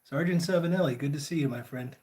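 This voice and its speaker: A man hosting a casual live chat, greeting viewers by name in a relaxed, friendly way. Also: fairly high pitch, fast. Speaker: livestream host.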